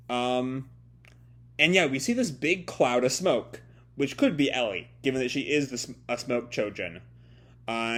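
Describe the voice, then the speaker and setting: A man giving a casual live reaction to a comic chapter, talking hesitantly with many fillers and restarts. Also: mid-range voice. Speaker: manga reviewer. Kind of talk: casual live reading commentary.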